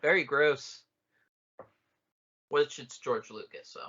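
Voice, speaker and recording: A man's voice: medium pitch, slow, bright, forceful tone, muffled recording. A man co-hosting a podcast, chatting casually and jokingly over a film, swearing often. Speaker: podcast co-host. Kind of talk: casual film commentary chat.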